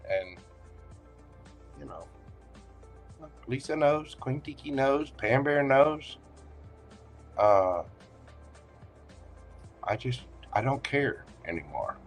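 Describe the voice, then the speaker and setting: Husky Southern man, folksy and joking. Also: medium pitch. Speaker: tarot reader and livestream host. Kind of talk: casual livestream reading.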